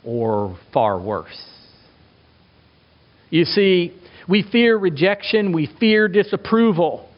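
A middle-aged man preaching a sermon as a pastor, emphatic, asking rhetorical questions and swinging his pitch for effect. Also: very animated, slow pace, long pauses. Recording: dull lo-fi recording.

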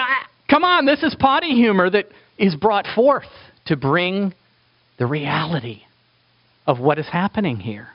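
A man preaching a sermon in an animated way, acting out quoted voices for humor. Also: sits high, moderate pace, dull audio.

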